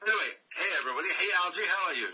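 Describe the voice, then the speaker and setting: A man joining a video call, playful and animated in casual chat. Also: sits high, racing, lo-fi sound, very noisy.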